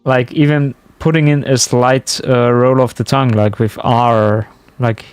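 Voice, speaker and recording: A man's voice: mid-range voice, clear, resonant tone, no echo. A man chatting casually to his stream viewers while playing, musing aloud as he goes. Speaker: game streamer. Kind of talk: casual live-stream commentary.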